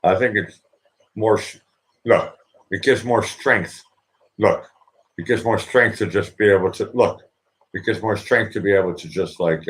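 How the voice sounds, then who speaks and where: A man with a deep, low-pitched voice talks straight to camera in a loose personal monologue. He rambles, circles back and repeats his phrases as he works through his thoughts, earnest and heartfelt. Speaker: vlogger.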